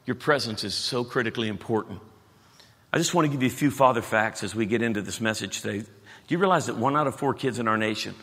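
A man, preaching a sermon in a folksy, joking, animated storytelling way. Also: mid-range voice. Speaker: pastor. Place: church auditorium. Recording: church hall reverb.

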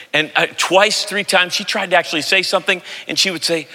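A man in his fifties preaching a sermon as pastor, telling stories with animated, loud impressions of family voices. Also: fairly high pitch, fast talker, hardly any pauses. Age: 50s. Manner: animated storytelling, mimics voices loudly. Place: large church sanctuary. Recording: long hall reverb.

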